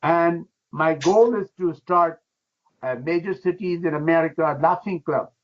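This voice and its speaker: A man's voice: fairly high pitch, unhurried. An older man, a laughter yoga teacher, talking with exuberance in broken English and breaking into chants and laughter as a radio guest. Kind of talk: enthusiastic radio interview. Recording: dull lo-fi radio sound.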